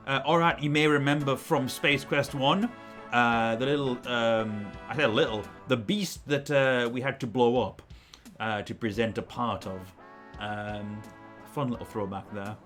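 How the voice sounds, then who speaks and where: A man's voice: mid-range voice, moderate pace, fairly bright tone, faint music behind. A man giving casual, rambling commentary while playing through an old game. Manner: chatty, rambling asides with fillers. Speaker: let's play host.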